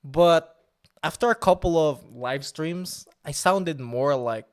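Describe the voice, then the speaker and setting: A man's voice: a little high, slow. Male streamer, jokey, laughs a lot, takes his time. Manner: joking, laughs often, self-mocking. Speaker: live streamer. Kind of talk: casual live-stream chat.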